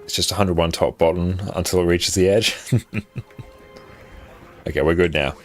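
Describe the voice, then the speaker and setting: A low-voiced Australian man from South Australia live-streams a game, chatting casually with viewers at a moderate pace. He's relaxed and talkative, reading their questions from chat and laughing easily. Soft music plays in the background, and he speaks into a desk microphone.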